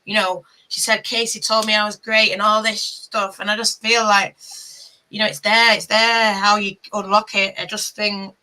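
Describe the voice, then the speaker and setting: Woman, podcast co-host, casual chat, rambling, flat-toned. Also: medium pitch, moderate pace, rough recording. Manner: passionate, rambling, exasperated.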